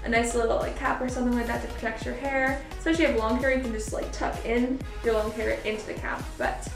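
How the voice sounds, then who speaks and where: Her pitch a little high and her tone steady, the young woman speaks quickly as she casually guides viewers through cosplay makeup and costuming. This college-student vlogger giggles frequently and leans on "like." The mic is far away, the room echoes, and quiet music plays.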